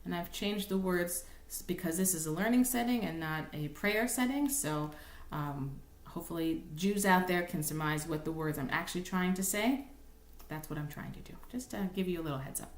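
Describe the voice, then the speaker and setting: A woman cantor giving a recorded lesson, explaining patiently and thinking aloud, now and then breaking into slow sung examples. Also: on the low side, lively intonation. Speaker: cantor teaching a class. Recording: roomy, echoey room sound.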